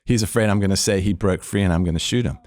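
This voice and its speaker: Talking very fast in a lowish voice, a former cop relates a lengthy story as a podcast guest, animatedly playing the characters he quotes and laughing from time to time. The recording is dry and of studio quality.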